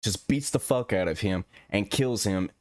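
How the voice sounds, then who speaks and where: A man's voice: lowish voice, moderate pace, no room sound. Man in a profane gaming rant, dry sound. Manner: profane, exasperated ranting. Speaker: gaming commentator. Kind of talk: ranting video commentary.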